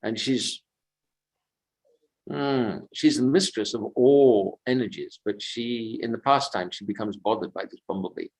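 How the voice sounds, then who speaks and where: A pilgrimage tour speaker gives a devotional storytelling talk at a sacred lake, unhurried and thoughtful as he drifts from anecdotes to commentary. His mid-range voice is a little mellow, captured on a rough recording.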